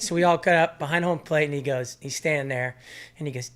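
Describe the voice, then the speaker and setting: A man in his thirties telling a lively story as a podcast guest, often breaking into laughter. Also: a little high, normal speed. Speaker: podcast guest, former college catcher. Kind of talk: casual storytelling chat.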